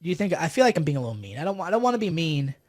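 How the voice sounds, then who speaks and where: A man's voice: a little high, big pitch swings, rapid-fire, a little mellow. A man hosting a livestream, ranting with sarcasm and exasperation as he mocks his opponents. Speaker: political commentator hosting a livestream.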